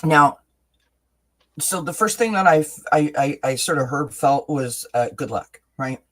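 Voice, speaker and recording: A man hosting a live tarot reading, encouraging and halting, with many fillers and restarts. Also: fairly high pitch, fairly bright tone. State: briefly emotional. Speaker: tarot reader, host.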